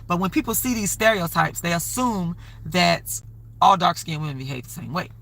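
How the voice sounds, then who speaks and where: Gravelly, bright-voiced woman live-streaming. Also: fairly low pitch, animated, moderate pace. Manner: rambling, conversational, keeps plugging donations. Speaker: livestream host. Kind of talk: casual live-stream talk.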